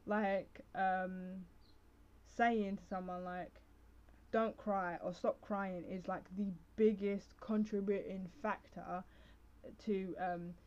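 A young adult woman talks casually on her solo podcast, rambling and restarting her thoughts with plenty of fillers. Her voice sits at a middle pitch. The recording is a little dull and lo-fi. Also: flat delivery, takes it slowly, darkish tone. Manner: rambling, full of fillers and self-interruptions. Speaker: podcast host.

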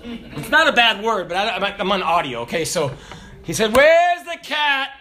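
A man with a notably high voice delivers a sermon. He moves between hushed storytelling and loud, shouted exhortation. A faint hiss of noise sits under the recording. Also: lively intonation, normal speed. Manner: storytelling, swings from low murmurs to raised shouted passages. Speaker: preacher.

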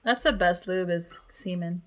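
A woman's voice: fairly low pitch, measured pace. A woman co-hosting a crude, casual couples podcast, blunt and full of swearing. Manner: blunt, swearing, laughs easily. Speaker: podcast co-host.

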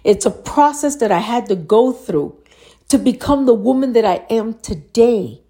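A woman's voice: on the high side, expressive, measured pace, dark tone. A woman giving an earnest motivational talk, asking the listener pointed questions. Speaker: motivational speaker.

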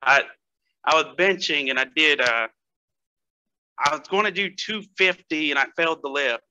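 A man's voice: a little high, normal speed, bright, forceful tone, smooth, poor audio. A man guest on a casual podcast, telling stories in a loose, hesitant way with frequent laughter. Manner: storytelling, laughs often, hesitant fillers. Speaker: guest strength athlete.

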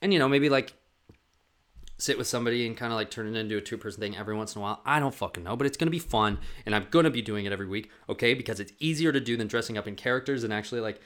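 A man vlogging to camera, telling a comedic story in a rambling, profane way, full of "like" fillers and acting out other people's voices with big jumps in pitch. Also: rapid-fire, fairly bright tone.

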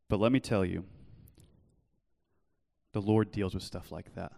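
A young man preaching earnestly in a church, telling his own story and then pleading gently with listeners. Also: sits low, steady tone, a little slow, gravelly, long pauses, in a large hall. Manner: earnest, shifts from loud storytelling to soft pleading. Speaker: pastor. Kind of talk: sermon with personal testimony. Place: church hall.

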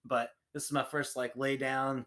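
A man co-hosting a podcast, telling stories in casual chat, animated and laughing often. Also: mid-range voice, moderate pace, crowd noise. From United States. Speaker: podcast co-host.

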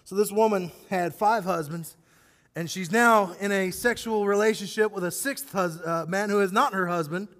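High-voiced pastor in an echoing hall. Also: male voice, normal speed. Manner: animated, acts out scripture scenes; addresses the congregation directly. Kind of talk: sermon.

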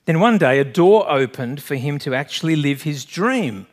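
Male pastor preaching, earnest and direct, voice a touch high. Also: expressive, moderate pace. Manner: earnest, direct, asks the congregation questions. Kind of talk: sermon.

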